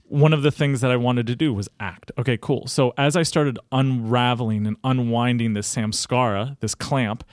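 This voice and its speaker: A man in his thirties tells his story as a podcast guest. His pitch sits in the middle, but it leaps up when he acts out what others said. The sound is dry and close. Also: moderate pace, hardly any pauses, dry recording. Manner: animated, acts out quoted dialogue with jumps in pitch. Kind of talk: conversational storytelling.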